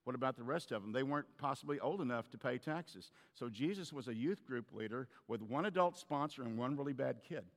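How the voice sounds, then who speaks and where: A man's voice: medium pitch, animated, brisk, hardly any pauses, big-room sound. A man preaching a sermon as a pastor, telling stories in a conversational way with frequent restarts.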